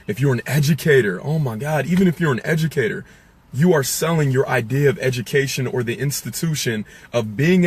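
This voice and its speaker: A man giving an emphatic, preachy motivational talk on sales to his viewers, repeating lines and swinging from loud preaching to low, quiet asides. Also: slightly rough. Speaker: sales coach.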